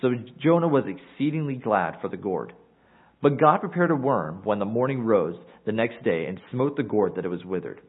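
A man with a husky voice preaches an earnest sermon, walking through scripture verse by verse. The recording is thin and tinny, like a phone line. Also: on the low side, expressive, moderate pace. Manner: earnest expository preaching, reading scripture aloud.

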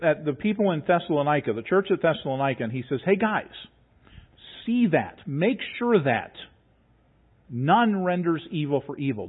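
Pastor guy giving a sermon, chatty but emphatic, sounds like it's coming thru a phone line. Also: a little high. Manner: conversational, emphatic, reads scripture aloud.

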